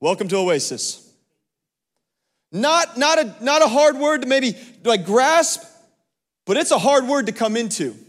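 This pastor's very high voice has a sing-song lilt, a measured pace, and frequent pauses. Preaching in a church sanctuary with long hall reverb, he invites the congregation's responses and repeats himself for emphasis.

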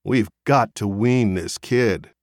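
A male audiobook reader voicing a restless, yearning husband who speaks in a quiet, hesitant, pleading way. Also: lowish voice, takes it slowly, no room sound, studio quality. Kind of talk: audiobook character reading.

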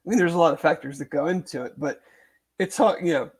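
A man's voice: on the high side, quick pace, breathy edge. Rambling, hedging male sports podcaster. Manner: hedging, rambling, many fillers and restarts. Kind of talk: casual sports chat.

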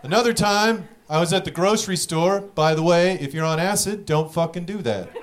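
Here a young comedian with a high-pitched voice delivers a fast, foul-mouthed set, acting out his stories. Laughter from the audience can be heard behind him.

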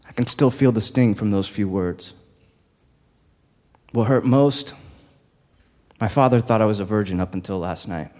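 A man performs a personal story on stage before a live audience, pacing his words slowly with dramatic pauses. His voice carries long hall reverb, and soft guitar plays underneath. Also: mid-range voice. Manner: slow, deliberate, dramatic pauses.

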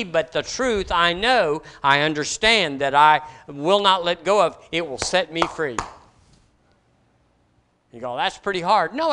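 Emphatic preacher man with bright voice. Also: sits high, clear, resonant tone. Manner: emphatic preaching, rising and dropping to soft asides. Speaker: pastor. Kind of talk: sermon.

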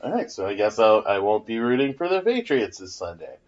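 A man with a mid-range voice that swings widely in pitch trades sarcastic jokes on a casual comedy podcast. He laughs often and grumbles wryly. The recording sounds dull and lo-fi. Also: sing-song, fairly quick, a crowd in the background. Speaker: podcast co-host.

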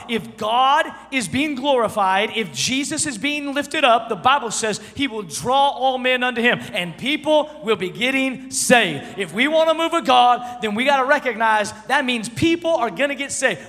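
A pastor in his thirties preaching a sermon, animated and joking, swinging from shouts to hushed storytelling. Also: extremely high pitch, big-room sound.

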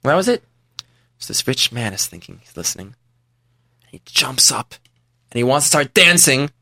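A man's voice: medium pitch, big pitch swings, moderate pace, pushed and bright, dry recording, clean studio sound. A man telling a religious folk story in a casual, conversational way with fillers and restarts.

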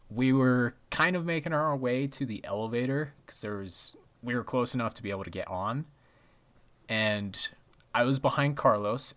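A man chatting on a podcast with friends. His voice sits at an ordinary middle pitch, and he tells stories loosely, laughing often and swearing casually. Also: a bit bright. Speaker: podcast co-host. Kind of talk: casual chat.

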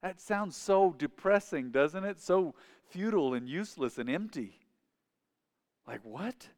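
A man preaching in a relaxed, storytelling way, slipping into the voices of people he has met. His voice is smooth and sits a little high for a man. The sound carries the long reverb of a church hall. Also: measured pace. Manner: conversational preaching with storytelling and dialogue. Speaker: pastor. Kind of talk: sermon.

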